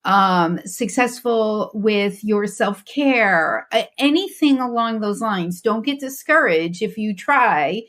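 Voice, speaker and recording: A woman's voice: mid-range voice, expressive, takes it slowly, hardly any pauses, a bit bright. A woman guest on a faith podcast, talking earnestly and reflectively about her journey, with frequent restarts.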